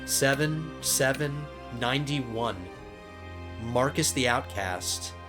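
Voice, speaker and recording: A man talks through his strategy game in a casual let's play, thinking aloud and getting excited, often stumbling and restarting his sentences. His voice sits at an ordinary pitch. Game music plays clearly underneath him. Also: slow pace. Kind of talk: casual gameplay commentary.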